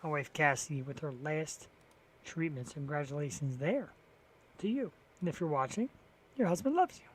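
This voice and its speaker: A man with a notably high speaking voice hosts a live talk stream alone, chatting loosely to fill the time. He drifts between topics with dry sarcasm and casual swearing. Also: moderate pace, a bit bright, a little hiss or hum. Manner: rambling, profane and wry, sarcastic about sports. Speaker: talk show host. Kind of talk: solo live-stream chat filling time.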